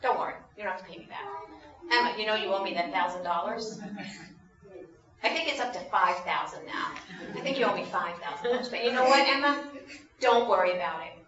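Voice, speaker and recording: A little fast and mid-range in pitch, a woman narrates a Bible story to children in an animated way, stopping to ask them questions. The audio is dull, distant and roomy.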